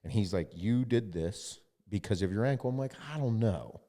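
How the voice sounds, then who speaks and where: A man's voice: on the low side, lively intonation, normal speed, dark tone, in a large hall. A man hosting a podcast, telling a story in casual chat and quoting others, with lots of swearing. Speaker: podcast host.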